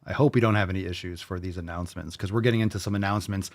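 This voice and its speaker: A man's voice: low voice, fairly even intonation, racing. A man hosting a fitness show in casual livestream chat, brash and joking, swearing freely.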